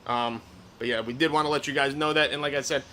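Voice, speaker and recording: A man co-hosting a live reptile sale, pitching animals eagerly and reassuring buyers. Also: fairly even intonation, fast, bright, forceful tone, slight background noise. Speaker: livestream co-host selling reptiles. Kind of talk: casual live sales pitch.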